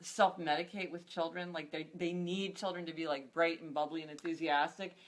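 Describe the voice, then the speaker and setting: A woman interviewer in a casual chat, talking chattily and jumping in with quick interjections. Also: low voice, steady tone.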